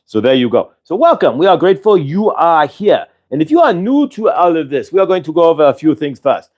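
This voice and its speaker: Chatty angelic spirit duo, speaks as "we", higher than his own voice, as a man channels them. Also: sing-song, brisk, a little mellow. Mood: welcoming. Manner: speaks as "we", chatty and lecturing, raised voice. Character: channeled angelic spirit pair speaking as one "we", friendly and teaching.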